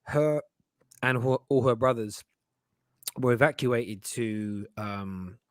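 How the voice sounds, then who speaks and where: A man's voice: medium pitch, slow, no room sound. A man, co-hosting a casual podcast chat and rambling through anecdotes with restarts and slang. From England. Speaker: co-host.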